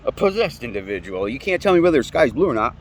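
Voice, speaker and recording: Man, late thirties, heated profane rant, animated intonation, outdoors, faint traffic behind. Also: medium pitch, quick pace. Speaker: vlogger. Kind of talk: ranting monologue. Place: outdoors near woods.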